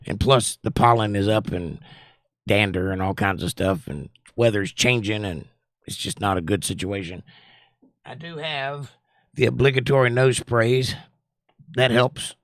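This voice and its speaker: A hoarse man from North Carolina hosting a casual livestream chat, joking and rambling with viewers. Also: on the low side, unhurried, no room sound, studio quality. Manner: joking, rambling, does silly voices. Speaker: livestream host.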